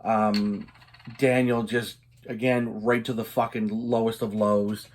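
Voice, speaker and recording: A man's voice: fairly low pitch, little pitch movement, slow pace, darkish tone. Profane ranting man reviewing a metal record. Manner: profane and ranting, many fillers. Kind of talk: casual vinyl review vlog.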